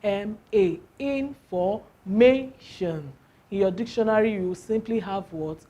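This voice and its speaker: An English teacher with a mellow, medium-pitched, slightly rough voice gives a classroom lesson, asking questions and then answering them herself. She speaks slowly, stretching out example words for drawn-out emphasis.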